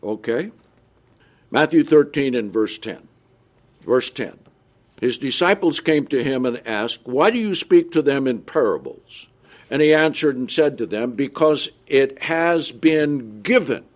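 Slow, deliberate male preacher reading scripture. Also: mid-range voice, expressive. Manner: reads scripture aloud slowly, then comments with asides; often checks in with the listeners. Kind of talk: Bible study sermon.

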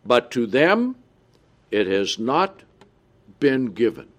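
A man preaching a Bible study sermon, reading scripture aloud slowly and adding his own comments. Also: medium pitch, sing-song, fairly bright tone. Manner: often checks in with the listeners.

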